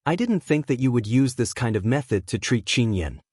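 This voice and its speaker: A withdrawn young prince speaks in a muffled, sullen way, with a lively pitch, as a man reads him. The voice sounds dry and close. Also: fairly quick, slightly rough, no room sound. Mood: disappointed.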